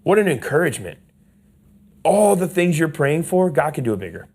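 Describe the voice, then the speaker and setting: A man's voice: on the high side, sing-song, fairly quick, gravelly, slightly rough. A man preaching a sermon as pastor, passionate and emphatic, leading the congregation to repeat lines back. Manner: passionate preaching, leads call-and-response; swings from hushed asides to loud emphatic lines. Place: church sanctuary.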